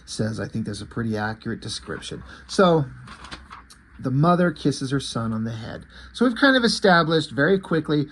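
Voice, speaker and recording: A man's voice: mid-range voice, sing-song, moderate pace, a bit bright, a little hiss or hum. A man casually reviewing a comic book, rambling and correcting himself, with the odd swear word.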